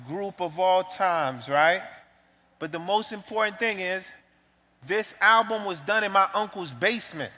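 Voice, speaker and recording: High, bright, slangy man hyping a crowd. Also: long reverb tail. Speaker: musician and stage guest. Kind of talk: casual hyped stage chat. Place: large conference hall stage.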